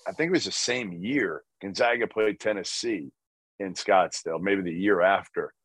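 A man co-hosting a sports podcast, telling a story in a low-key, wry way with casual swearing. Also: moderate pace, a bit bright, dry recording. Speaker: podcast co-host.

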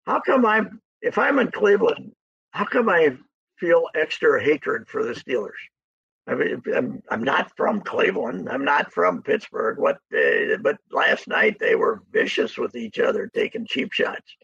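A man's voice: on the high side, very animated, creaky, fairly bright tone, breathy edge, no echo, lo-fi sound. A man chatting as a regular guest on a radio sports show, rambling and restarting his sentences, heard over a call-in line. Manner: rambling, halting, with frequent restarts. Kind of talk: casual radio sports chat.

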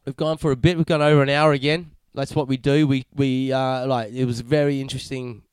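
A man's voice: medium pitch, flat delivery, fairly quick, darkish tone, clean tone, dry recording. A man hosting a podcast interview, chatting in a matey, rambling way with lots of swearing and fillers. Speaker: podcast host. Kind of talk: casual chat.

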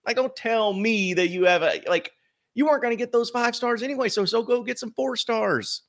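A man's voice: extremely high pitch, normal speed, gravelly, fairly bright tone. A man hosting a sports podcast, giving casual commentary in a blunt, emphatic way full of rhetorical questions.

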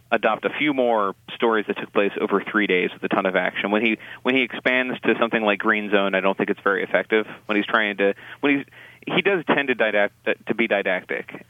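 A man with a lowish voice talks through a film review in a casual, halting way, often restarting his sentences and dropping in dry, wry asides. The sound is thin and phone-like, with no room around it. He carries the chat as a regular co-host. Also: no room sound. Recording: tinny phone-like line, dry.

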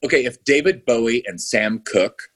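A man's voice: medium pitch, moderate pace, slightly rough. A male filmmaker chatting enthusiastically in an interview, rambling with frequent restarts. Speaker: filmmaker guest. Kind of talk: casual podcast interview.

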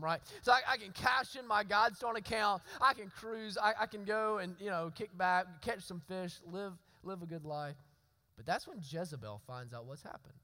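High, bright-voiced male preacher. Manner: earnest, repeats and restarts words, asks "right?" often. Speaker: pastor. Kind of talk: sermon.

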